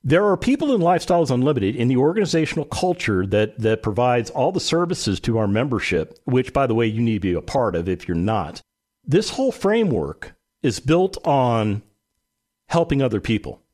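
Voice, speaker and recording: A man hosting a real estate radio show, telling a story in an animated way and acting out the quotes. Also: mid-range voice, moderate pace. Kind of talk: talk radio monologue.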